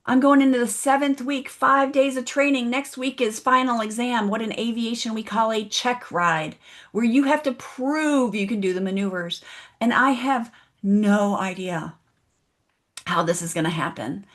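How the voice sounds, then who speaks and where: Woman giving a pep talk online, tells her story and keeps asking the audience stuff, voice sits a bit high. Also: moderate pace, fairly bright tone. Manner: storytelling, asks the audience questions, emphatic. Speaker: motivational speaker. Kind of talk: motivational keynote speech. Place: online event, audience in chat.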